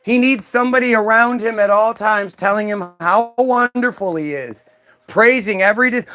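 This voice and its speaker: A man's voice: high voice, moderate pace, sharp tone. A man doing a profane, mocking stand-up comedy rant, slipping into silly voices for characters.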